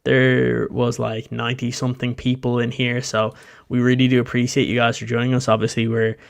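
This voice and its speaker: A man co-hosting a sports live stream speaks in a relaxed, conversational way. His pitch stays flat and even. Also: a little fast, creaky. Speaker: podcast co-host.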